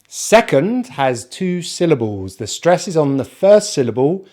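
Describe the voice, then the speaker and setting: A man with a British accent teaching an online pronunciation lesson, speaking slowly and modelling each sound one at a time. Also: a little high, very animated, a little mellow. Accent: British English, non-rhotic. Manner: slow, careful, demonstrates sounds one by one.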